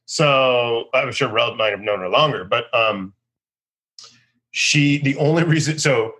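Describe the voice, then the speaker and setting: A man in his thirties, a comedian guest, telling stories in a rambling, animated way with quick bursts of acted voices. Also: medium pitch. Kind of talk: casual storytelling interview.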